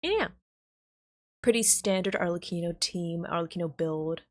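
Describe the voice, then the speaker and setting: A woman streamer in casual live-stream chat, playful and self-mocking, lower in energy than usual. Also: moderate pace, a little mellow.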